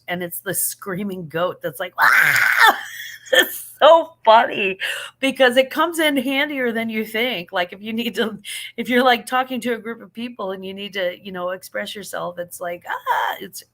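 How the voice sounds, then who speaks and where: A woman's voice: mid-range voice, fairly bright tone. A middle-aged woman hosting a casual live chat, answering viewers with laughs and affection while yawning and sleepy. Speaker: livestream host answering chat.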